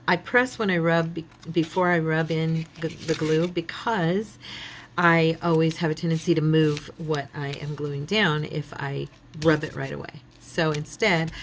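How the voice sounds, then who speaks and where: A woman chats to her viewers while crafting at home, thinking aloud in a relaxed, self-deprecating way. Her voice sits low with a gravelly fry. A faint hiss runs behind her. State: yawning, relaxed. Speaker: craft channel host. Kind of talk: casual crafting chat to viewers.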